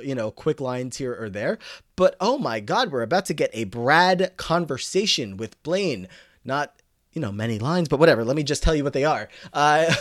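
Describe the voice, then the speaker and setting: A man's voice: mid-range voice, no echo, studio quality. A man hosting a podcast, casually recapping a TV episode and acting out quoted lines. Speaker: podcast host.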